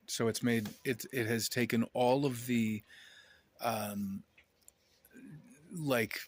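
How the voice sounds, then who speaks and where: A man's voice: on the low side, breathy edge. Man, casual to-camera talk, rambling, wry, self-interrupting, indoors. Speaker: vlogger. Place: indoors, at home.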